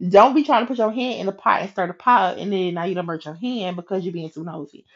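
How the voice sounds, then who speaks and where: Animated woman telling a faith story. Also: mid-range voice, fast talker, lo-fi sound. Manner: animated and chatty, slips into quoted voices, laughs. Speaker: podcast host. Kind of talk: casual faith storytelling monologue.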